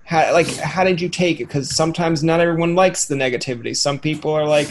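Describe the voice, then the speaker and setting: Chatty man with a slightly high voice. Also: fast talker, slight background noise. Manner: rambling, jokey, acts out quoted voices. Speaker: podcast host. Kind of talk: casual interview chat.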